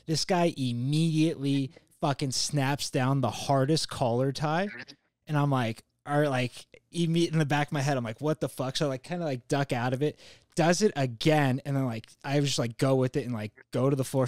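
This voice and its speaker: A man's voice: mid-range voice, moderate pace, darkish tone, no echo. A man hosting a podcast, spinning a long story in loose, casual chat. He rambles, restarts his sentences, leans on fillers and swears freely. The sound is dry and close, with no room around it. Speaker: podcast host.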